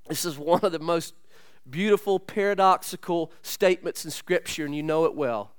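A man's voice: high voice, fairly bright tone, clear, resonant tone, no echo, studio quality. A man preaching a sermon as pastor, earnest and conversational, with asides to the congregation. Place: church.

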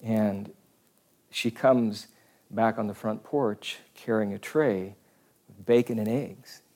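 A low-voiced priest telling jokes during a homily. He speaks conversationally, storytelling with easy pauses and fillers. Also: fairly even intonation, warm tone.

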